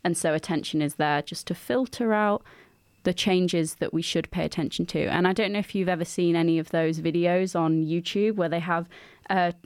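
A woman's voice: lowish voice, no echo, clean studio sound. A young woman co-hosting a student radio show, chatting casually and explaining ideas with lists and asides. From England. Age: young adult. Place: small radio studio.

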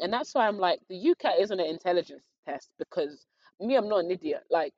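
A young woman, telling her own exam story in a casual, animated way and acting out her thoughts. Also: medium pitch, fast, no room sound, dull audio. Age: young adult. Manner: animated, acts out her own thoughts and others' lines with slangy asides.

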